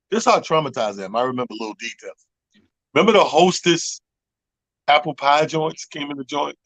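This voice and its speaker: A slightly high-voiced man tells a long story on a radio talk show. He swears freely and acts out the other people in it. His voice is close and dry, with no room sound. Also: fairly bright tone, no echo, rough recording. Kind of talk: casual storytelling chat. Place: radio studio. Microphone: studio microphone.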